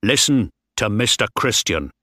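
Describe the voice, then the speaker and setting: A man voicing a sailor who speaks with quiet, low menace. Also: expressive, measured pace, no echo, studio quality, heavily acted. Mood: menacing.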